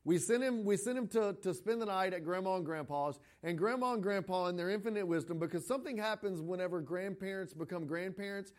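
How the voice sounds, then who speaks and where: A middle-aged man, a pastor, preaching a sermon in a conversational, animated way, often restarting his phrases as he tells a story. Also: high-pitched, brisk, few pauses. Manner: conversational preaching with frequent repeated starts; animated storytelling, breaking into quoted voices.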